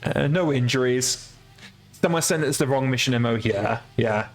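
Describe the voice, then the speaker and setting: A man's voice: mid-range voice, normal speed, faint music behind. A man streaming a video game, chatting casually, swearing freely and laughing at his own mistakes. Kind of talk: casual let's-play commentary.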